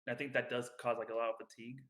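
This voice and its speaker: Young male podcast co-host, loose rambling chat full of ums, mid pitch. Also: level tone, very fast, a bit bright. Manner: rambling, many fillers and restarts. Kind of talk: casual chat.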